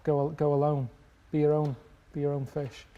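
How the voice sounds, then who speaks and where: A man in deadpan comic chat, reasoning plainly and slowly through odd ideas. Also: a little high, highs cut off. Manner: deadpan, plodding logic. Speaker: regular guest.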